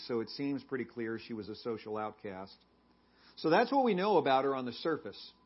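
A man's voice: mid-range voice, muffled recording. A male pastor giving a sermon in a conversational way, often asking the congregation questions.

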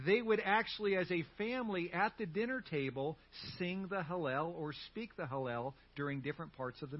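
Animated male preacher with a fairly high voice and a muffled recording. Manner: animated, leads call-and-response. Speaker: pastor. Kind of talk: sermon. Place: church sanctuary.

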